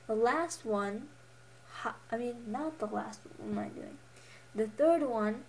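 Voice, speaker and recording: A woman's voice: fairly high pitch, measured pace, darkish tone. A young woman teaching a beginner Mandarin lesson, patiently modelling each tone with repeats and correcting herself with a little laugh. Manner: self-correcting, a little giggly.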